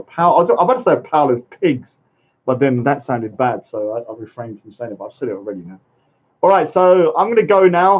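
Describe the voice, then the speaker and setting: A man hosting a casual live stream, rambling, chatting and talking to his viewers. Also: fairly high pitch. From England. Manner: rambling, chatty, reads chat and addresses viewers. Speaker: livestream host. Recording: dull lo-fi stream audio.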